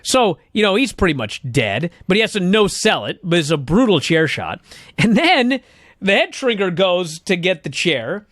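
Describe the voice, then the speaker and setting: High-pitched, profane male co-host, dry sound. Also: very animated, normal speed, a bit bright, no room sound. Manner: profane, exasperated storytelling. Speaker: podcast co-host. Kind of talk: casual recap chat.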